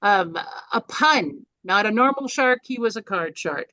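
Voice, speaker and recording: A woman's voice: medium pitch, expressive, measured pace, bright, forceful tone, dry recording. An older woman presenting a speaking workshop, talking in an informal, chatty way with fillers and restarts. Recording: dry, slightly dull recording.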